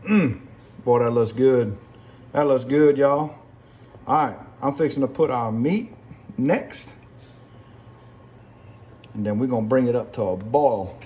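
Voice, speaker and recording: Cooking in his own kitchen, a middle-aged home cook from South Louisiana chats folksily and keeps calling his viewers "guys." His mid-range voice has a darkish tone, and he's unhurried, pausing often. Pots and utensils clink throughout this casual cooking demonstration.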